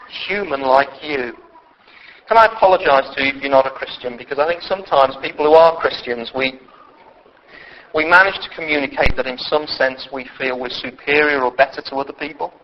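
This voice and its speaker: High-voiced impassioned male preacher. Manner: impassioned, swings from quiet to loud. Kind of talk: sermon. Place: church. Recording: dull lo-fi church recording, faint noise.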